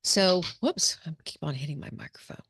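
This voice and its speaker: Casting: middle-aged woman psychologist, low gravelly voice, chatty storyteller. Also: animated, normal speed, a bit bright, slight background noise. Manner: conversational, storytelling with restarts. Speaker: psychologist leading a discussion. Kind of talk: informal talk to students.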